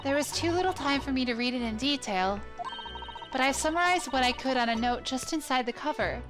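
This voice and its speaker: A woman's voice: high-pitched, lively intonation, brisk, music in the background. Woman reading as a courteous young assistant. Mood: earnest. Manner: formal, earnest and courteous.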